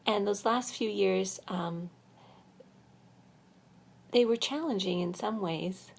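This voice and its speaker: An older woman telling her life story in a soft, half-whispered voice, a little weary, in a quiet room at a retreat center. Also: medium pitch, slow, vocal fry, slightly rough. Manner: speaking softly, half-whispering to keep quiet. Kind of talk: personal storytelling vlog.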